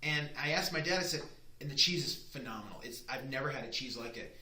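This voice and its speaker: A man's voice: medium pitch, fast. A man in his thirties, a chef chatting as a guest, telling stories and acting out the people in them. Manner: animated storyteller acting out quoted voices. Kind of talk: casual chat. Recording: echoey room with faint noise.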